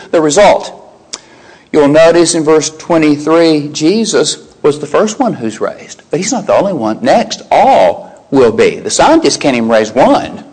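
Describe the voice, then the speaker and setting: A man, older, preaching a sermon, animated, rising sharply in pitch when quoting and exclaiming. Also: poor audio.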